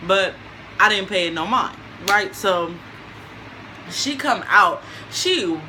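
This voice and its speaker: A young woman telling a story in a casual vlog, animated and slangy, laughing often. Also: medium pitch, takes it slowly, a little hiss or hum, poor audio.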